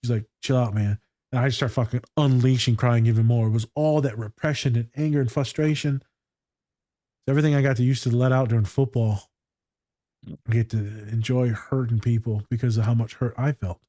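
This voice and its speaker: A man's voice: medium pitch, steady tone, fairly quick, warm tone, no echo, studio quality. A man chatting casually as a podcast co-host and school therapist, telling stories in slangy, profane talk. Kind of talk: casual chat reacting to a TV scene.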